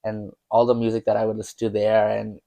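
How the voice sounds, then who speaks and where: A man's voice: lowish voice, completely flat delivery, fast, creaky, warm tone. Chatty young man, rambling. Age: young adult. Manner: chatty, rambling, laughs often. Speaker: podcast guest. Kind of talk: casual chat.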